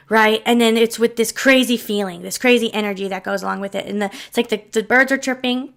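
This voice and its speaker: A woman's voice: a little high, fairly even intonation, fast talker, hardly any pauses. A woman vlogger telling a personal story in a rambling, heartfelt way, with many restarts and asides to her viewers. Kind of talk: casual storytelling to camera.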